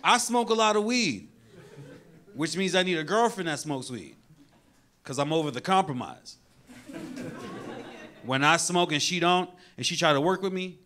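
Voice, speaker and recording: High, lively New York comedian. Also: male voice, moderate pace, pauses often. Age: 30s. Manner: animated, acts out quoted characters in loud bursts. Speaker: stand-up comedian. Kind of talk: stand-up comedy set. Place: comedy show with live audience. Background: audience laughter.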